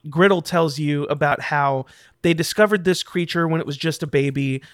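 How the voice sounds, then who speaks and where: A man's voice: on the high side, normal speed, no echo. Man as game master, easygoing narration with fillers, dry mic. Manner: loose, laughing, with fillers.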